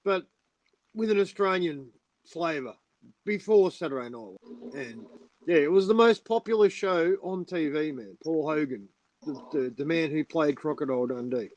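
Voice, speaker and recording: Animated man on a livestream panel. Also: fairly high pitch, moderate pace, highs cut off. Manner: animated, swears often, insistent. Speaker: panel guest. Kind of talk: casual livestream chat.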